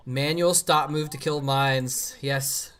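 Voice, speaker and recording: A man's voice: mid-range voice, a bit bright. A man casually commenting on an old match during a live stream, rambling with many fillers and restarts.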